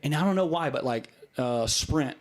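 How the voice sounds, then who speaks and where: A man's voice: fairly high pitch, expressive, normal speed. A man who is a real estate broker, guest on a podcast, telling a story in casual chat. He talks with many restarts and acts out the voices of the people he quotes.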